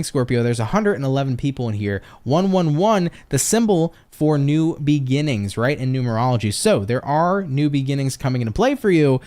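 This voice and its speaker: A man's voice: on the high side, a little mellow. A man from the United States reading tarot on a casual live stream, upbeat and chatty, swearing freely and cheering viewers on while reading out their comments. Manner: upbeat, swears freely, pep-talk catchphrases.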